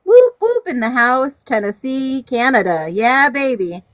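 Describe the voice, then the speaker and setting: A woman co-hosting a casual livestream, cheerful and quick to laugh, calling out where viewers are from. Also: sits high, very animated, dry recording, studio quality. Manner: cheerful, laughs often, calls out chat locations. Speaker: livestream co-host.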